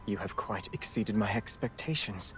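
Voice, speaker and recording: A woman voicing a refined young British man, speaking in a slow, formal, low-key way with a deep put-on voice. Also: soft background music, poor audio. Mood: composed.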